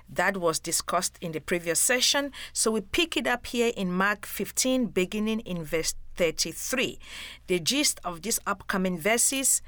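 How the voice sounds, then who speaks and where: Slow, earnest woman teaching the Bible. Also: medium pitch, a bit bright, dry recording. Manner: earnest, slow and emphatic, addresses listener as friend.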